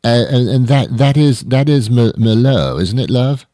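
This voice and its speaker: A man's voice: mid-range voice, moderate pace, dry recording, studio quality, pitched above the performer's own voice, natural voice. A man putting on a British accent to voice a chummy, stammering bar regular. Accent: British (put on). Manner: bumbling, stammering, raised and bright.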